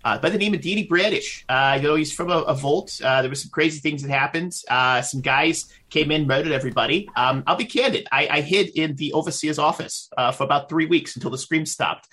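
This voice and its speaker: A man's voice: a little high, brisk, few pauses, sharp tone, husky. A man voicing a cowardly male vault survivor who rambles nervously with lots of ums.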